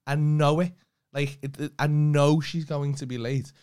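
A man's voice: on the high side, steady tone, measured pace, a little mellow, clean tone. A man co-hosting a comedy podcast in casual chat, ranting in exasperation and swearing freely. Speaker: podcast co-host.

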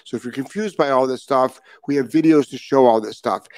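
A man's voice: mid-range voice, fairly quick, few pauses, darkish tone, dry recording. A man hosting a live dog-training show, talking bluntly and repeating his key points for emphasis. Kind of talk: live-stream talk. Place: Florida.

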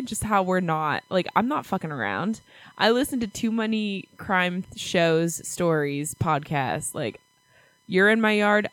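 A woman's voice: lowish voice, fairly bright tone, no echo. A woman co-hosting a casual movie review podcast, speaking bluntly and swearing freely. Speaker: podcast co-host.

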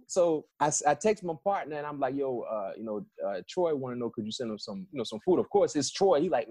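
A middle-aged man from South Florida, a former football player, telling lively stories in a casual interview and acting out the quotes. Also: mid-range voice, quick pace, few pauses, husky, no echo. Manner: animated, repeats and restarts, acts out quotes.

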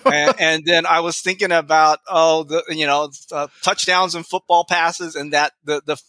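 A man's voice: on the high side, fairly even intonation, moderate pace, pushed and bright, no room sound. A middle-aged man chatting as a guest in an interview, rambling with many fillers and chuckling. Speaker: guest author. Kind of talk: casual interview chat.

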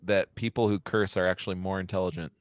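A man in his thirties in casual podcast chat, animated and laughing, swearing freely. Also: low voice, fast.

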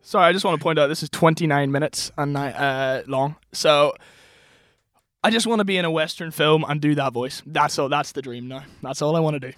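A man's voice: a little high, fairly quick, fairly bright tone, no echo, studio quality. A young man with a Northern Irish accent, chatting casually as a singer-songwriter guest, laughing often and poking fun at himself. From Northern Ireland. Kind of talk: casual chat. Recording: music playing behind the voice.

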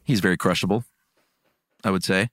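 Male podcast host, low voice, dry studio sound, casual and chuckly while reading out names. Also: brisk, fairly bright tone, no echo. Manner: reads listener comments aloud, chuckling, stumbling over names. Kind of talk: casual chat.

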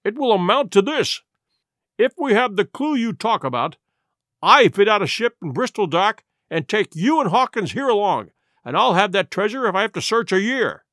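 A man's voice: high-pitched, big pitch swings, normal speed, a bit bright, no echo, clean studio sound. A man voicing a hot-headed, exclamatory older squire in a storybook reading. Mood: eager. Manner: exclamatory, blustering.

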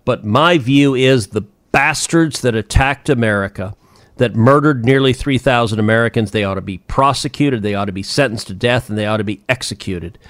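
A man's voice: medium pitch, normal speed, a bit bright, no echo. A man, a senator hosting a political podcast, talking emphatically and with indignation, repeating phrases for force.

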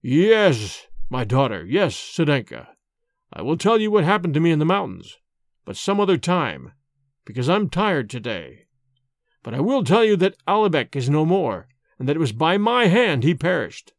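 A man voicing a gaunt old warrior father who speaks slowly and heavily, with a grim, commanding manner. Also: fairly high pitch, very animated, dry recording, clean studio sound. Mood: weary.

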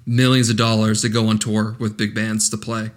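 A man's voice: fairly low pitch, level tone, moderate pace. Profane ranting man recapping a movie. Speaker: podcast co-host reviewing a movie. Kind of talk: casual movie-riff chat.

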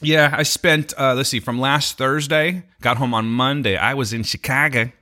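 A man's voice: medium pitch, fairly even intonation, normal speed, pushed and bright. A man co-hosting a podcast in casual banter, rambling and joking, often laughing, reading out show plugs. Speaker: podcast co-host.

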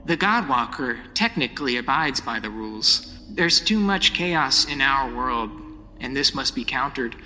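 A man's voice: mid-range voice, expressive, unhurried, sharp tone, soft background music. A game master voicing a creepy, coldly polite male robot villain who lectures. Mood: ominous. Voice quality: cold, eerily polite, lecturing. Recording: long reverb, faint hiss.

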